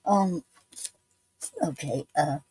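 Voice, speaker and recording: A woman's voice: deep voice, drawn-out words, darkish tone, husky, no echo, low-quality recording. A woman hosting a poetry show, reading poems aloud and chatting between them with many hesitant fillers and restarts.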